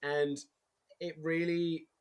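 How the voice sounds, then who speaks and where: A man from England with an English accent, talking casually as an actor guest, animated and quick to act out quoted lines. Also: on the high side, smooth. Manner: animated storytelling, acts out quotes, laughs easily. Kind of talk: casual interview chat.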